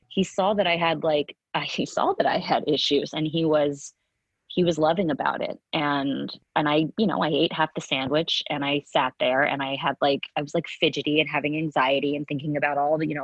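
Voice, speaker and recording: A woman's voice: low-pitched, steady tone, brisk, husky, dry recording, lo-fi sound. A middle-aged woman in a candid interview, speaking earnestly with many restarts and acting out quotes from her past. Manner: earnest, tumbling restarts, acts out remembered quotes. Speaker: guest.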